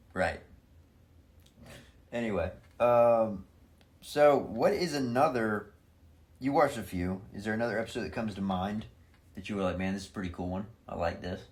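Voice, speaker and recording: A man's voice: lowish voice, moderate pace, long pauses. A young adult man co-hosting a casual comedic podcast, retelling an episode with acted-out quotes and plenty of swearing. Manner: animated storyteller, acts out quotes, swears a lot. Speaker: podcast co-host.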